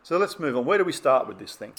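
A man's voice: mid-range voice, big pitch swings, fast, fairly bright tone. Male podcast host, brief interjections. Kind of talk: podcast conversation.

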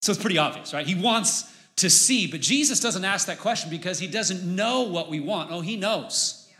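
A man preaching a casual sermon, conversational and animated, acting out voices as he retells a story. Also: sits high, normal speed. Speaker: pastor.

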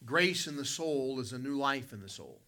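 A man's voice: medium pitch, animated, moderate pace, sharp tone. A male pastor, preaching a sermon with folksy, dramatic storytelling and calling out to people in the congregation. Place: church conference hall.

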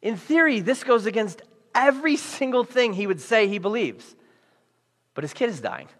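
Male pastor, high voice, conversational animated sermon, church hall with long reverb. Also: moderate pace. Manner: conversational, animated, acts out the story. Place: church auditorium. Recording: echoey hall.

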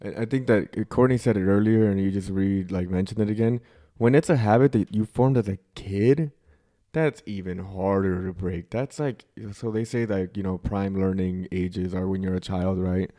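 A man's voice: low voice, steady tone, normal speed, warm tone. A man co-hosting a podcast who rambles through analogies, says "like" constantly and swears casually. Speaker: podcast co-host.

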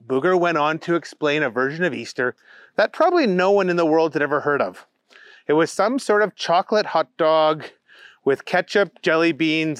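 Man, playful storybook narrator, slightly high voice, dry close recording. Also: dry recording.

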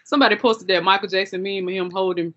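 A woman's voice: medium pitch, fairly even intonation, fast talker, a bit bright. Joking female co-host, muffled lo-fi audio. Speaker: podcast co-host. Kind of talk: casual group chat about a TV episode. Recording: dull lo-fi sound.

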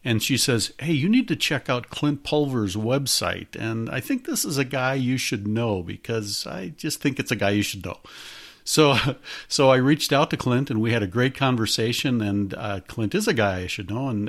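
A middle-aged man hosting a podcast, talking in a rambling way with lots of hesitations. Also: medium pitch. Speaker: podcast host. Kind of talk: casual podcast chat.

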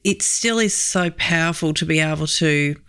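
A woman's voice: low voice, moderate pace, a bit bright, clear, resonant tone. Woman interviewer, reflective. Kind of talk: interview conversation.

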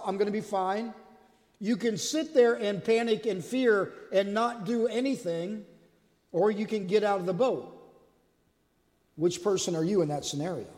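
A man preaching a sermon as lead pastor, telling stories and acting out the quotes with lively energy. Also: high-pitched, big-room sound. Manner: animated storyteller, acts out quotes.

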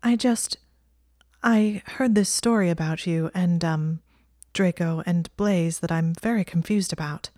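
A woman's voice: on the low side, unhurried, dark tone, dry recording, clean studio sound, natural voice. A woman voicing an anxious, embarrassed young witch who speaks hesitantly. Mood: flustered.

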